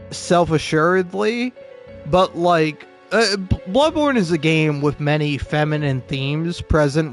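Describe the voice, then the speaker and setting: Rambling, sarcastic young man commentating. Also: fairly high pitch. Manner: rambling, sarcastic, stammering and profane. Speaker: gameplay commentator. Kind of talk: casual gameplay commentary.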